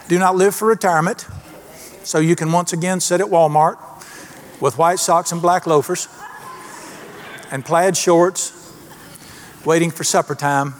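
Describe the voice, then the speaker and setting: A man's voice: on the high side, steady tone, unhurried, pauses often, slight background noise. A middle-aged man preaching a sermon in a folksy, emphatic way, asking the congregation questions. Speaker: pastor.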